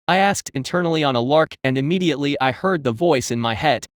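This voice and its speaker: A man narrating a fantasy novel in a steady storytelling manner. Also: a little high, fast talker, hardly any pauses, no room sound, clean studio sound.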